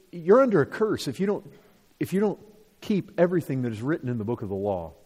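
A man with a high, strongly swinging voice teaches scripture verse by verse, hammering his points with repetition and rhetorical questions. His voice rings with a long reverb, as in a big hall. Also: darkish tone. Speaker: Bible teacher.

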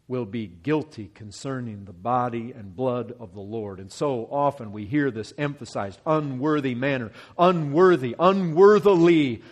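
This mid-range male preacher moves through the scripture one verse at a time. At moments he presses hard and loud, at others he drops to a hushed, slower delivery.

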